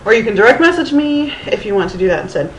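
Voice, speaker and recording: A woman's voice: fairly high pitch, very animated, quick pace, a little hiss or hum. A woman in her thirties from Houston, rambling casually in a storytime vlog with Valley Girl-like speech, lots of ums and restarts, into her camera's mic. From Houston, Texas. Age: 30s. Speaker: vlogger. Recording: roomy with faint ambience.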